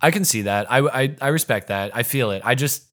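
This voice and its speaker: A man in casual podcast chat, his voice sitting at an ordinary middle pitch. He talks in an animated way, laughs easily and swears freely. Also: a little fast. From New England. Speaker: podcast co-host.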